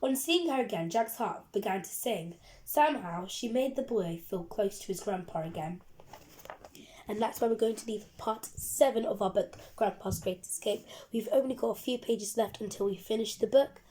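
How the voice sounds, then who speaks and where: A woman reading a children's book aloud in a lively, expressive storytelling manner. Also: medium pitch, normal speed, a little hiss or hum.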